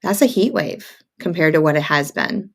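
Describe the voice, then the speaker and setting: A woman's voice: low voice, moderate pace, vocal fry. A woman hosting a casual sewing livestream, chatting with viewers, greeting them by name, and drifting into rambling asides. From upstate New York, near Montreal. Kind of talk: casual live-stream chat.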